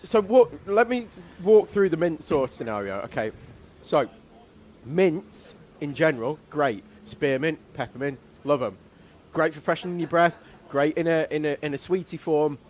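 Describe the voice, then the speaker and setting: A man from England commentating a live race stream, drifting into an animated, jokey rant with quick asides. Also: on the high side, slight background noise. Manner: animated ranting, rapid asides, frequent laughter.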